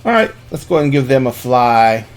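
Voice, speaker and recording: A man's voice: medium pitch, very animated, a little fast. A man hosting a live stream, wrapping up with an upbeat, rambling sign-off full of fillers. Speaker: stream host.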